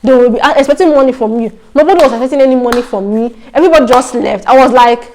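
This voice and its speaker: A young woman with a Nigerian accent telling stories to camera in a casual vlog, animated and slipping into Pidgin phrases. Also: sits high, rapid-fire, few pauses. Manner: animated storytelling, mixing in Pidgin. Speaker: vlogger.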